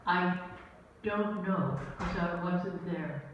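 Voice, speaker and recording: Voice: medium pitch, slow, slight background noise. Hesitant audience member in an echoey hall. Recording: distant echoey hall, muffled.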